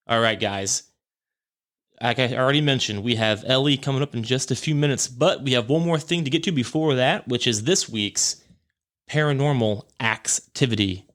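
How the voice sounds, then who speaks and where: A man's voice: mid-range voice, fairly bright tone. A man hosting a podcast, telling a story in a casual, rambling way and correcting himself as he goes. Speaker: podcast host. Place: home podcast room.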